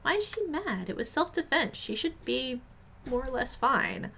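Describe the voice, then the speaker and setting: A woman streamer making quiet, amused casual asides during a game playthrough. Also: sits high, sing-song, normal speed, creaky, slight background noise.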